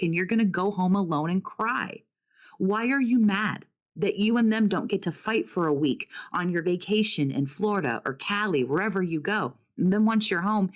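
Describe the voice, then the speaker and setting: A woman speaking as a recovery coach about narcissistic abuse, blunt and profane, firing rhetorical questions and calling her listener "survivor.". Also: medium pitch. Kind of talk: direct-to-camera talk.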